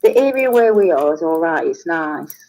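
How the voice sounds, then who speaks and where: A woman's voice: deep voice, lively intonation, normal speed, mellow, poor audio. A British woman with a British accent hosting a live stream, chatting casually and trailing off into restarts mid-sentence. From Britain. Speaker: livestream host. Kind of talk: casual chat.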